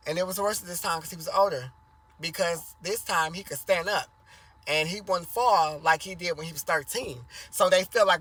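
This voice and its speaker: Rambling man with a bright tone. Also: moderate pace, poor audio. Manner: rambling, many fillers and restarts, crude language; acts out quoted voices louder and higher. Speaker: storyteller. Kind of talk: casual storytime vlog.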